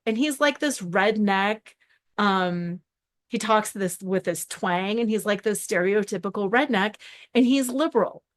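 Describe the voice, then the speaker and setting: Animated woman podcast host and coach. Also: fairly high pitch. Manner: animated, acts out quoted reactions, lists in runs. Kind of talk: casual podcast monologue.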